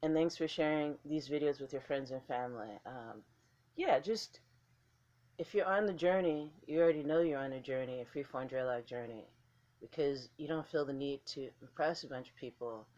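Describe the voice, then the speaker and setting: A woman's voice: extremely low pitch, moderate pace, a little mellow, highs cut off. A woman vlogger talking casually to camera in a blunt, candid way, swearing freely.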